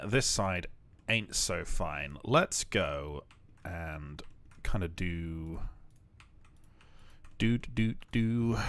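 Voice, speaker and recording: A man's voice: sits low, fairly bright tone, no echo. A young man who develops games, streaming casually as he works and keeping up a joking, rambling self-talk full of fillers. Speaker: game developer streaming his work. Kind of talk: casual live-stream commentary while building.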